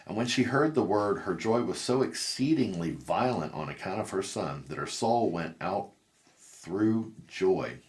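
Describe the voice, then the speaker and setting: A man reading scripture aloud word for word, steady and deliberate. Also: low voice. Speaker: scripture reader.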